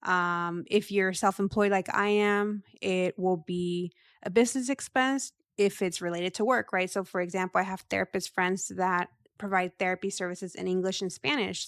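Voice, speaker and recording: A woman's voice: lowish voice, no room sound. Woman, thirties, podcast host, rambling casual chat, laughs often, dry close sound.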